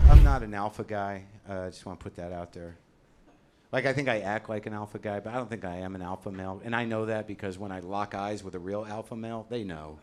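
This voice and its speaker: Heavy background noise surrounds a middle-aged man talking fast in a lowish voice during a live stand-up set at a comedy club. His routine is a profane, self-deprecating rant with shouted punchlines, met by loud audience laughter.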